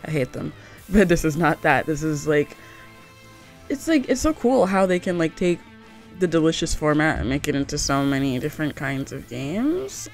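A young woman talks casually through a gaming video, reading the game's text aloud between chatty asides. Her pitch swings widely and her voice carries a gravelly fry. She fills her sentences with "like" in an easygoing, rambling way. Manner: chatty, full of "like" fillers, reads game text aloud. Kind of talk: casual let's-play commentary.

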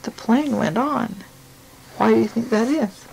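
A woman reads a picture book aloud to a child, gentle and unhurried, pausing to ask questions along the way. Her voice is fairly high with a gravelly, creaky texture, and her pace is very slow. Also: a little hiss or hum, rough recording.

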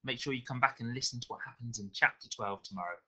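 A male teacher reading a novel aloud to his class with expressive storytelling. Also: mid-range voice, fast, low-quality recording.

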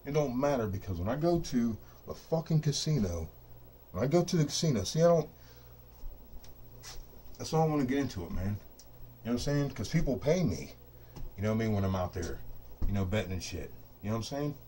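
Very animated and a little fast, with long pauses, a middle-aged man speaks in a warm, mid-range voice over a little hiss or hum. Hosting a craps dice-control video from his home dice-rolling studio, he rants to camera casually and profanely, boastful and fired up, leaning on "you know what I mean" throughout the unscripted talk.

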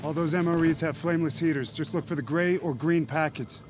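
An actor playing a blunt, gruff man who takes charge of a group of stranded survivors. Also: a little high, steady tone, a little fast, a little mellow, slight background noise, lightly acted. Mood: commanding. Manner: blunt, commanding. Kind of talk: film dialogue.

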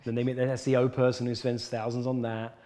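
A man talks as a coach in an interview, earnest and emphatic, driving his points home. His voice is mellow and warm. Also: medium pitch, flat delivery, quick pace. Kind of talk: conversational interview.

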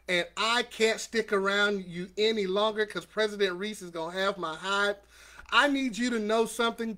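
A middle-aged man hosting a live motivational talk, energetic and repeating affirmations for viewers to say back. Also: sits high. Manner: greets viewers by name. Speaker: host of a weekly motivational livestream.

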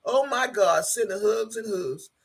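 A woman hosts a casual livestream and reads her viewers' comments aloud. Her voice is gravelly and husky with a rough edge. She talks bluntly, swears freely and slips into prayer. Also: medium pitch, unhurried. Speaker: YouTube live streamer.

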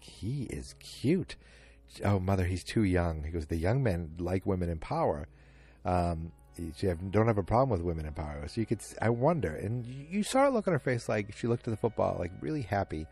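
A man with a deep, husky voice hosts a casual solo podcast. He talks in a loose, rambling way and keeps slipping in quoted lines and filler words. His tone is dark and mellow, with faint music underneath. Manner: rambling, retells scenes with quoted lines, many ums. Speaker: podcast host recapping a TV episode.

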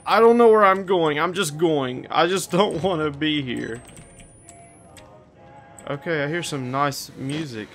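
A man's voice: a little high, measured pace, long pauses, slight background noise. Panicky swearing man playing a horror game. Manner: panicky, swearing, yelling at enemies. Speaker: gaming video creator. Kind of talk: frantic horror game commentary.

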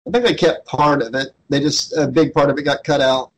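A man in a loose, chatty movie commentary, dropping trivia about the film between jokes. His voice sits a bit higher than most men's. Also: fairly even intonation, brisk, low-quality recording. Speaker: riff commentary co-host. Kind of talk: casual riffing movie commentary.

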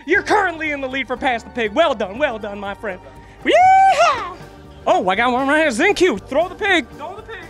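Male event host, very high-pitched, over-the-top and shouty, handheld mic, faint music behind. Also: brisk. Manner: exaggerated, shouty, excitable. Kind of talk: comedic hype segment. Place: esports event venue, indoors.

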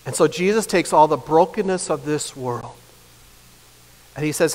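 A high-pitched man in his fifties preaches from the pulpit, his words ringing with a long church reverb. He is earnest, swelling into impassioned emphasis and then falling quiet and soft. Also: moderate pace, pauses often. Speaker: pastor. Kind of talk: sermon. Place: church sanctuary.

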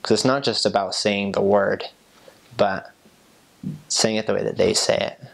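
Low-voiced American man explaining casually. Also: steady tone, gravelly. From United States. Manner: halting, laughs at himself while explaining. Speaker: interviewee.

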